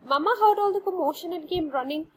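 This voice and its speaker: Animated woman reading a children's story. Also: high voice, moderate pace, husky, rough recording. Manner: expressive, animated read-aloud.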